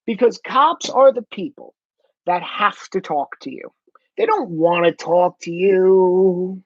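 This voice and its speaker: A man's voice: high voice, lively intonation, takes it slowly, dry recording, dull audio. A man in a blunt, profane ranting monologue, swearing heavily for emphasis. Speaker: commentator.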